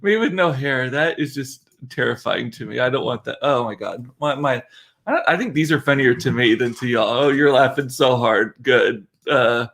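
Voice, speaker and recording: Brief: chatty, giggly male host on a home computer mic, mid pitch, keeps cracking himself up. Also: expressive, normal speed, a bit bright. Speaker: livestream host, father. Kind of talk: casual livestream chat.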